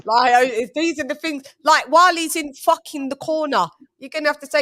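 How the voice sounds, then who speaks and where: A woman's voice: high voice, fairly quick, a bit bright, no echo, clean studio sound. A woman hosting a casual boxing watch-along, blunt and profane. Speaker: channel host.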